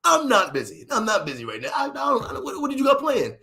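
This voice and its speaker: A man voicing an eager, flattered man who stammers excitedly in a squeaky voice. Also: quick pace, exaggerated voice. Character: eager, flattered man, easily won over.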